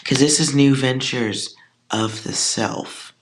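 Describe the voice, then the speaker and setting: Slow, blunt tarot reader. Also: medium pitch, slight background noise. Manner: blunt and joking, with slangy asides; drops into whispered asides. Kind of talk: casual collective tarot reading.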